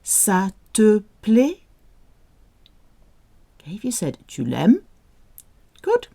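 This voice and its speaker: Slow, lively-voiced woman French tutor. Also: mid-range voice, creaky. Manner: slow, repeats phrases, encouraging. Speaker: French teacher. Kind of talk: audio language drill.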